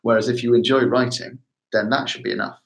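A man's voice: mid-range voice, fairly even intonation, fast talker, vocal fry, poor audio. A man, a literary agent guest on a podcast, giving upbeat plain-spoken advice. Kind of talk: casual chat.

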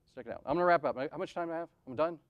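Middle-aged male conference speaker, heartfelt storyteller, punchy rhetorical questions, shifts from booming to hushed. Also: rapid-fire, highs cut off. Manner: animated, rhetorical questions, swings from loud to soft. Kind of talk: personal storytelling talk.

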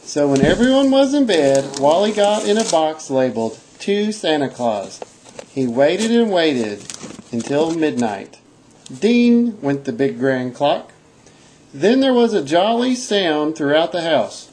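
Amateur storyteller, woman, lower voice, very expressive delivery. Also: unhurried, slight background noise, rough recording. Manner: playful, animated reading.

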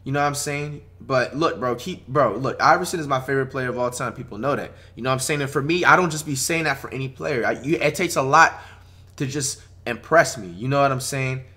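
A young man streaming his reactions to basketball highlights, loud and excitable, swearing and saying "bro" constantly. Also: fairly quick. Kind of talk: hype reaction commentary.

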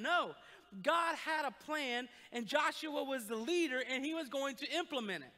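A male pastor preaching a sermon in an animated, joking storytelling manner. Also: very high-pitched, normal speed. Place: church sanctuary. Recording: long church hall reverb.

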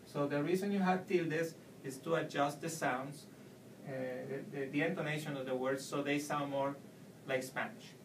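A man's voice: on the high side, fairly even intonation, slight background noise. Man teaching in an echoey room. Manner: explains slowly, repeats examples. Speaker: Spanish teacher. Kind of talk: video language lesson. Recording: echoey room, mic at a distance.

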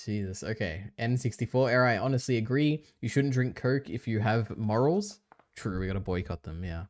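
A man's voice: on the low side, moderate pace, no room sound. A man hosting a casual stream, chatting loosely, trailing off and laughing often. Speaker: streamer host.

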